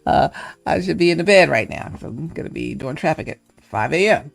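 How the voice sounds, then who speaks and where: On a casual livestream, a woman host muses playfully, drifts into encouragement, and sometimes acts out little character voices. Her voice is low-pitched and expressive, with a quick pace and some vocal fry.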